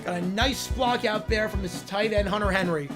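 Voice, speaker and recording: A man's voice: high voice, over music. A man hosting a live stream, calling football play-by-play and answering viewer questions between plays. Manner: rises and slows into excited calls on big plays, drops to quiet asides answering chat.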